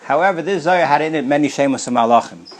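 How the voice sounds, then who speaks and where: Male rabbi, somewhat high voice, chatty Torah storytelling, frequent restarts, mixes in Yiddish and Hebrew terms. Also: rapid-fire. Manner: casual, repeats words and restarts, sprinkles in Yiddish and Hebrew terms; clears throat often. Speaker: rabbi teaching a Torah class.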